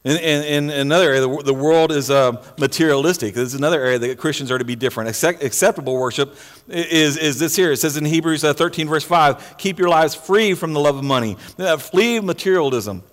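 A male pastor preaching in a church sanctuary, his voice sitting a little high for a man. He presses his points hard, doubling words and restarting phrases. A long hall reverb trails after each line. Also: a little fast. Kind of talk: sermon.

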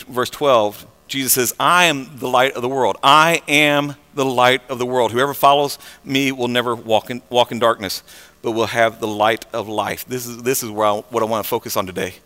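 A bright, forceful male voice, a little higher than most men, giving a sermon. He talks in a loose conversational way, restarting his sentences, and the sound rings out with the long reverb of a large hall. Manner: conversational, animated, with many fillers and restarts. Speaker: preacher.

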